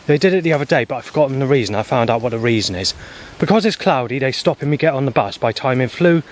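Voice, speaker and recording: A man talking in an agitated, rambling video diary, swearing often and restarting his sentences. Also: fairly high pitch. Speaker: vlogger.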